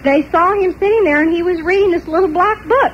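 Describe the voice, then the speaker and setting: An older woman telling a personal story in an animated way, often laughing between parts of it. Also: extremely high pitch, a little fast, dull audio, background noise. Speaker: testimony speaker.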